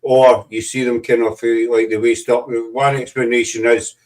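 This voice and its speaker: A man with a West of Scotland accent hosts a relaxed chat show, his voice sitting at an everyday pitch. He rambles and restarts his sentences, teasing his guests as he goes. He sounds a little distant from the microphone. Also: moderate pace. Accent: Scottish, West of Scotland. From Glasgow, Scotland. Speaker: host. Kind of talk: casual live chat show.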